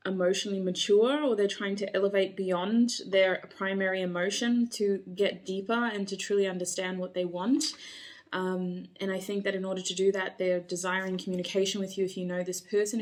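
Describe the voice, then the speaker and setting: Woman tarot reader, casual and chatty, musing aloud with a steady mid-range voice. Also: mid-range voice. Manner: chatty, musing aloud, frequent ums and likes. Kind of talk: casual intuitive tarot reading.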